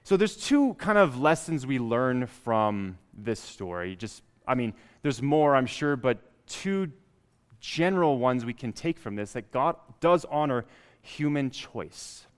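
A man's voice: medium pitch, big pitch swings, unhurried, clear, resonant tone. A man preaching a sermon, reading scripture aloud and building up emphasis on key lines. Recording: long reverb of a hall.

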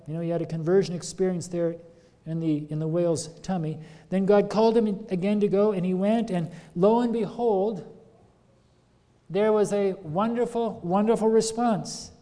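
A man's voice: sits high, dark tone. A man preaching a sermon, retelling a scripture story and putting earnest questions to his congregation. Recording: long hall reverb.

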